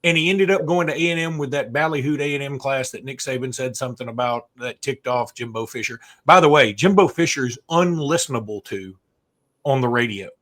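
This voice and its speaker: A man co-hosting a college football podcast, talking in a rambling, animated way with many restarts. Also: mid-range voice, a little fast. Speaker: sports podcast co-host. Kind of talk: casual sports chat.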